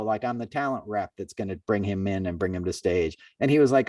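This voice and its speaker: A man hosting a podcast, telling a long story in a loose, chatty way. He jumps higher when he quotes others and sits a little back from the mic. The room sound is dry. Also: quick pace, no room sound, recorded from a distance. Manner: animated, acts out quoted people in a raised voice. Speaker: podcast host. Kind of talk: casual storytelling chat.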